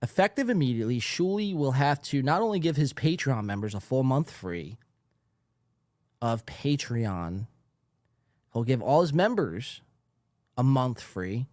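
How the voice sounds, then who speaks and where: A man's voice: mid-range voice, very animated, slow pace, pauses often, a little mellow, no room sound. A man hosting a podcast, ranting in a profane, mock-outraged monologue into a studio mic. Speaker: podcast host.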